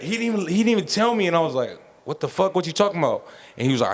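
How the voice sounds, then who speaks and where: A man co-hosting a podcast, telling a story in loose, slangy casual chat and dropping into a lower voice for asides. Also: sing-song, brisk. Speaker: podcast co-host.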